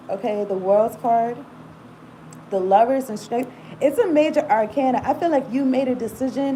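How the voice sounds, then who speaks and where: A woman's voice: fairly high pitch, mellow, a little hiss or hum, low-quality recording. A woman giving a casual tarot reading, rambling and talking straight to the viewer with frequent asides. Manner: rambling, casual, laughs often, talks to viewer directly. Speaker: tarot reader.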